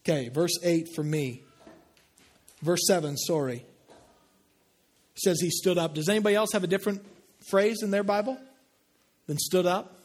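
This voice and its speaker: A man preaching a sermon in a conversational way, asking the congregation questions and dropping low and slow to make a point. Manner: drops low and slow for emphasis. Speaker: pastor.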